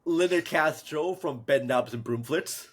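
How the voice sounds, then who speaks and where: A man from Minnesota hosting a casual podcast chat, rambling and halting with lots of fillers. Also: fairly high pitch. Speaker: podcast host.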